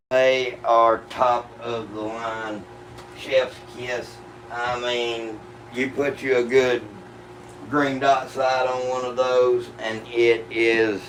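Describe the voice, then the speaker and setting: A man's voice: mid-range voice, a bit bright, slight background noise, poor audio. A man hosting a gun channel, answering live chat questions in a laid-back, profane, drawling way. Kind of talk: casual livestream chat.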